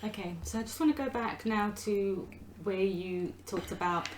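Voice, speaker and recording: A woman's voice: medium pitch, normal speed, slight background noise. Woman interviewer in a roomy space. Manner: reflective, summarising questions.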